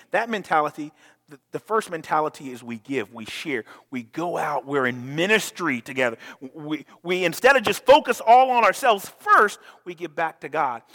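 A man preaching a sermon as pastor in a church, animated, with many restarts and questions thrown to the congregation. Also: sits high, big-room sound. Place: church sanctuary.

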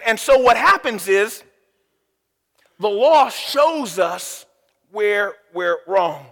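A man with a high, bright, forceful voice preaching a sermon, emphatic and fond of rhetorical questions. He often trips over and repeats words as he goes. His voice rings with the long reverb of a large hall. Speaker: pastor.

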